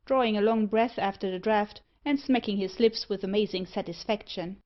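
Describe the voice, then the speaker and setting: A woman narrating a classic novel in a measured storytelling manner. Her pitch sits in the middle range, and the recording is dull and lo-fi. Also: steady tone. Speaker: audiobook narrator. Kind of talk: scripted narration. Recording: muffled lo-fi audiobook recording.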